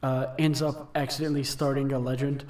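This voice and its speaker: A man's voice: mid-range voice, flat delivery, a little fast, darkish tone, far from the mic. A man co-hosting a casual podcast, laughing and acting out character lines in goofy voices. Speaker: podcast co-host. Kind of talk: casual chat.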